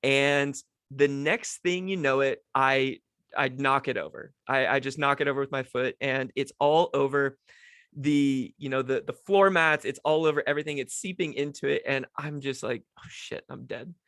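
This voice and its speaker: A young podcast host with a medium-pitched, slightly bright, smooth voice speaks at a moderate pace with fairly even intonation. In a casual monologue recorded in a dry home setup with no echo, he tells a rambling, self-deprecating childhood story with lots of restarts.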